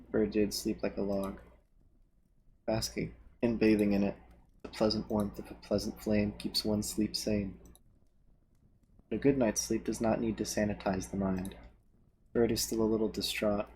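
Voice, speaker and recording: A man streaming, reading a visual novel's narration aloud in a steady manner. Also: lowish voice, slight background noise.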